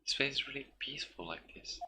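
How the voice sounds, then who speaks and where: A man reading game dialogue aloud, voicing an excitable young female assistant in a cheerful, teasing way. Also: mid-range voice, fast talker, creaky, very noisy, pitched above the performer's own voice.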